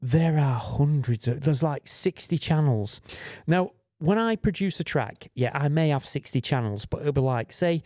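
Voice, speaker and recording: A man's voice: fairly high pitch, lively intonation, normal speed, few pauses, dark tone, dry recording, clean studio sound. A British man co-hosting a casual podcast as a mix engineer, talking animatedly, swearing freely and mimicking instrument sounds. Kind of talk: casual chat.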